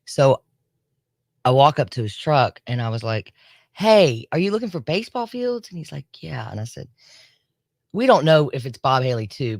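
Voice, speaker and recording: A woman, co-hosting a radio show and telling a story in a chatty, lively way, acting out what people said. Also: rumbling low, no room sound. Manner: chatty, animated storyteller who acts out quotes. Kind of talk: casual storytelling on morning radio. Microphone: studio mic.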